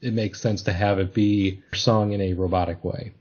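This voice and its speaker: A man hosts a casual podcast chat in a slightly low, mellow voice with a breathy edge, speaking at normal speed with fairly even intonation. He sounds thoughtful and hesitant, often restarting sentences, and the audio is a little dull and lo-fi.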